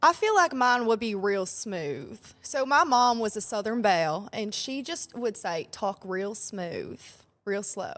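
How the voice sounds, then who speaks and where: A playful, bubbly woman co-hosting a loose chat. Her voice sits a little high. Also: big pitch swings, unhurried, hardly any pauses, a bit bright. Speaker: co-host. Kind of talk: casual chat.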